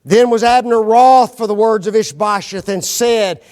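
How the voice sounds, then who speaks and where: A man's voice: high voice, moderate pace, a little mellow. A man teaching a Bible class lesson, quizzing his audience with fill-in-the-blank questions and folksy, joking asides.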